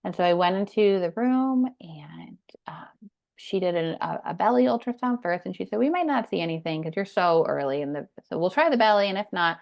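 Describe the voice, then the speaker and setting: A woman in her thirties tells her story as a podcast guest, earnest and emphatic. Her voice sits low with a gravelly edge. The recording sounds dull and lo-fi. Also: lively intonation, fairly quick. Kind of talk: personal story in a podcast interview.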